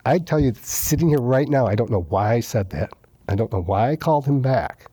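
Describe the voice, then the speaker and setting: A man guest in a casual interview, telling his recovery story with lively retellings, acting out quoted dialogue and repeating lines for emphasis. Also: mid-range voice, a little fast, slightly rough.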